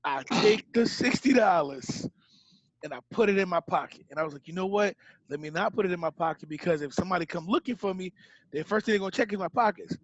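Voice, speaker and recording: High-voiced man telling a story. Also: quick pace, no echo. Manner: animated, acts out voices in his story. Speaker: podcast co-host telling a story. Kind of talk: casual storytelling chat. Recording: muffled dry home podcast audio.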